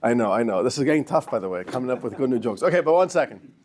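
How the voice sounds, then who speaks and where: A man's voice: medium pitch, animated, racing, a little mellow. A man teaching a class as a rabbi, telling jokes and addressing the listeners as dear friends. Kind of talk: lecture with jokes.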